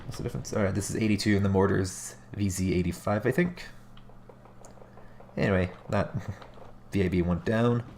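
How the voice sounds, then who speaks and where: A deep, gravelly male voice with a stuffed-up, nasal sound from allergies. He does relaxed play-by-play at a desk mic, thinking out loud and fixing his words as he goes. A faint hiss of noise sits under him. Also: moderate pace, pauses often. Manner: casual, musing, corrects himself mid-sentence. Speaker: game caster. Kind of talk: live play-by-play commentary on a strategy game replay.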